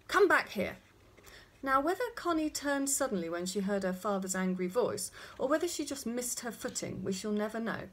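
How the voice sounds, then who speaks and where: A woman reading a children's storybook aloud in an expressive, animated way. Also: medium pitch, slight background noise. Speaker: narrator.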